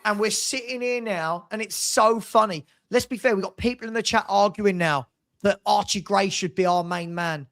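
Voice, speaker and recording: A man's voice: high voice, normal speed, a bit bright. A man hosting a casual football fan chat, ranting in an exasperated way. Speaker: host.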